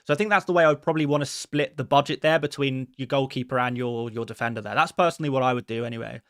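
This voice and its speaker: A man hosting a live stream chats casually and answers viewer questions one after another in a friendly, quick way. His voice sits at a middle pitch. The sound is dry and close, with little room echo. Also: fairly bright tone.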